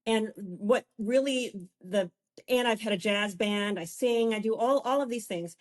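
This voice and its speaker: A woman's voice: medium pitch, measured pace. A woman in her fifties, a wellness coach and guest, telling her own story in an effusive way, often restarting and getting emotional. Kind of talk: candid personal storytelling.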